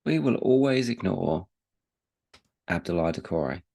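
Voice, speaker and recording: A podcast co-host with a very deep, gravelly, mellow voice talks football casually at a measured pace with lively intonation. He rambles, repeats words, and lets the odd swear word slip in easy chat.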